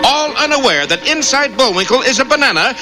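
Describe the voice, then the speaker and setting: A man's voice: very high-pitched, sing-song, fast, bright, forceful tone, faint music behind. A man narrating a cartoon in a melodramatic, announcer-like way.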